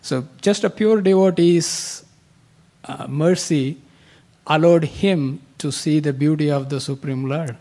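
A man with a somewhat high voice speaks up during a class discussion. He retells a story plainly and earnestly, building it one step at a time. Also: takes it slowly, dark tone. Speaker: class participant.

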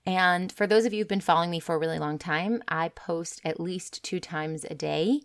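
A woman's voice: on the low side, moderate pace. A woman business coach talking candidly and earnestly about taking a break from posting content. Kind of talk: casual direct-to-camera talk.

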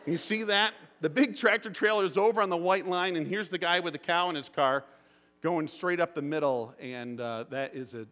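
In a sermon echoing with long hall reverb, a middle-aged pastor brings his stories to life by voicing the quotes. His voice runs on the high side at a moderate pace in the church sanctuary.

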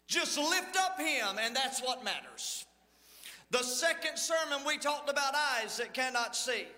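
Pastor, male, high bright voice, folksy sermon, reverberant church hall. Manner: folksy storytelling with dramatic Bible reading. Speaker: lead pastor. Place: church sanctuary.

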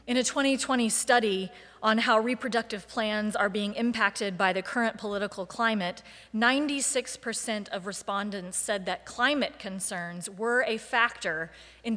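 A woman preacher giving a sermon, with a measured, deliberate delivery and emphatic lists. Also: fairly high pitch, a bit bright, long reverb tail.

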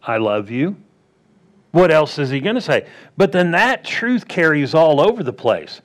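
A man's voice: on the high side, big pitch swings, moderate pace. Man preaching with rhetorical questions. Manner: conversational, plain-spoken. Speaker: pastor. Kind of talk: sermon.

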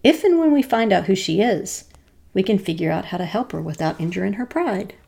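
A woman voicing a sharp, practical rural wife who speaks in a brisk, commanding way. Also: mid-range voice, animated, gravelly, breathy edge. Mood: thoughtful.

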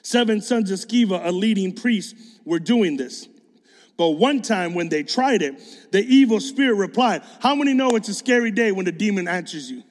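A man's voice: high voice, lively intonation, moderate pace. A male preacher giving a sermon in a casual, slangy storytelling manner. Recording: long hall reverb.

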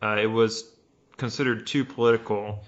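A man co-hosting a casual podcast chat, ranting in an animated, profane way. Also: lowish voice, moderate pace. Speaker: podcast co-host. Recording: dull lo-fi recording.

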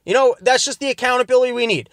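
Male podcast host with a high voice, ranting sarcastically in a dry, close recording. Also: very fast, fairly bright tone, no room sound. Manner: rambling, sarcastic, self-interrupting. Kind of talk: casual comedic commentary. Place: in his car.

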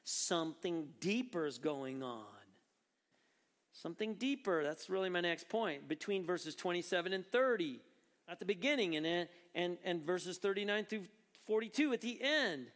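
A man with a high voice preaches to his congregation, shifting from easy conversational explanation to pointed, emphatic questions. His words ring out with a long reverb, as in a large church sanctuary. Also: lively intonation, moderate pace, fairly bright tone. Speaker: pastor. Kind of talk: sermon.

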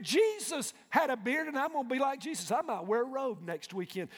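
A male pastor with a very high voice delivers a sermon. It swings between quiet, intimate asides and loud shouts, and he keeps calling out to the congregation. His voice rings with a long reverb in a large church hall. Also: sing-song, fairly quick, hardly any pauses. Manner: fervent preaching that swings from hushed to shouting, with call-and-response.

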